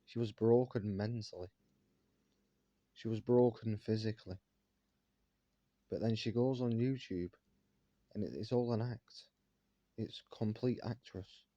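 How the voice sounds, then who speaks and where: Indignant dark-voiced man ranting. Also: lowish voice, a little slow, pauses often, dry recording, highs cut off. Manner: indignant, fires rhetorical questions. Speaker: vlogger. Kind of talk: monologue rant to viewers.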